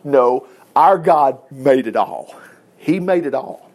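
A man preaching a sermon in an animated, emphatic way, with joking asides and chuckles. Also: mid-range voice, slow pace.

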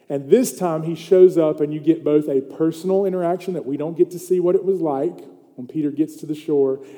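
A man's voice: on the high side, warm tone. A man preaching a conversational sermon as pastor, telling the story with animation and checking in with the congregation with "okay?" and "right?". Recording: long hall reverb.

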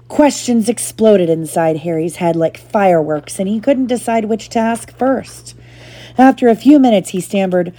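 A woman reading a chapter book aloud to her child in a steady, gentle narrating manner. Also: medium pitch, moderate pace.

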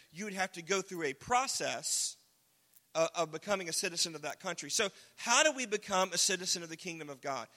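A man preaching a casual, joking sermon, now and then shouting single words for emphasis. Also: sits high. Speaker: pastor. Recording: long hall reverb.

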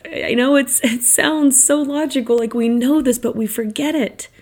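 A woman's voice: sits high, normal speed, a little mellow. A woman in her thirties hosting a podcast, talking in a chatty, reflective monologue with many "like"s and "right?"s. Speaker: podcast host. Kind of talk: casual monologue.

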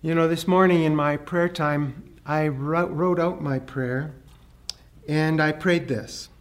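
Slow, high-voiced male preacher. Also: fairly even intonation. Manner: earnest, rises in pitch and volume for emphasis. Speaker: pastor. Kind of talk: sermon.

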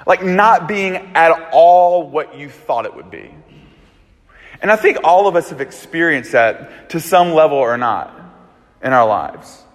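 A little slow and on the high side, an Alabama pastor's voice carries through an echoey hall. He preaches by recounting a personal story, chatty and animated in a loose, conversational style.

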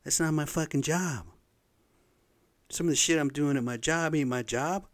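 A middle-aged man hosting a podcast, ranting in a blunt, profane, animated way. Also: a little high, moderate pace, no room sound. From Pacific Northwest of the US. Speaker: podcast host. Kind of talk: casual rant monologue.

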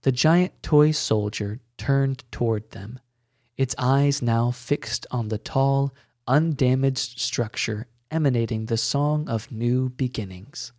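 A man hosting a podcast, narrating a story in a gentle, measured way. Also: medium pitch, dry recording, studio quality. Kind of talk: scripted narration.

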